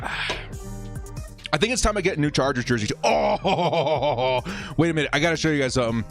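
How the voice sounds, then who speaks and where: A man hosting a casual live watch-party stream, chatting excitably with viewers and laughing often. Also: on the high side, moderate pace, vocal fry, soft background music. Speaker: livestream host.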